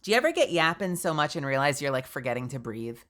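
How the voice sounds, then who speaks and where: A fast-talking young woman with a low voice chats on her VTuber stream while congested. She's chatty and lively, meandering as she talks and using "like" constantly.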